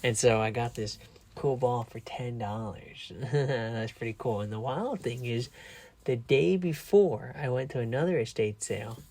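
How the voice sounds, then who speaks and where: A man's voice: mid-range voice, a little slow, darkish tone. A man casually telling a rambling story to his viewers, a little tired, with frequent restarts. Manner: rambling, chatty, with restarts and laughs. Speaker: vlogger.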